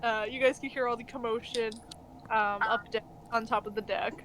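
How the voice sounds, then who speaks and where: A woman's voice: a little high, steady tone, normal speed, fairly bright tone, a little hiss or hum. A woman narrating as dungeon master in a casual tabletop game stream, loose and full of fillers. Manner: loose, filler-heavy narration with frequent laughs.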